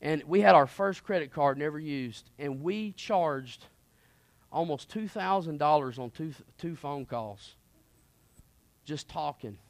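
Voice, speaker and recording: A man preaching and telling his personal testimony, earnest and impassioned, swinging between hushed moments and emphatic ones. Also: a little high, lively intonation, takes it slowly, dry recording.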